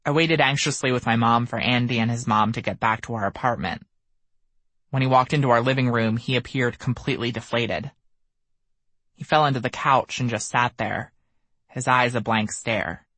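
A man reading his own memoir aloud as an audiobook, measured and somber. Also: medium pitch, bright, forceful tone, dry recording. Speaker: memoir narrator. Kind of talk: audiobook narration.

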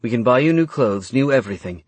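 A man's voice: mid-range voice, expressive, quick pace, slightly rough, dry recording. A man voicing a fierce, guarded young woman in an audiobook, giving short commanding orders. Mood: urgent. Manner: terse, commanding.

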